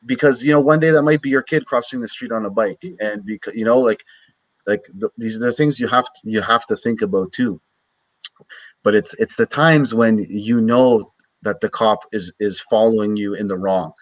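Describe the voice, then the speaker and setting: A man from Canada hosting a relaxed podcast interview. His voice is on the low side, and he talks loosely, peppering his sentences with "you know" and "like". The sound is dry, with no room echo. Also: moderate pace, highs cut off. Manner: loose and conversational, many "you know" and "like" fillers. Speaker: podcast host.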